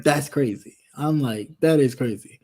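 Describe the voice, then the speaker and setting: A man in casual chat, telling a story with lively acted-out voices. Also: mid-range voice, a little slow. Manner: animated storyteller, acts out quoted voices. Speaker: co-host.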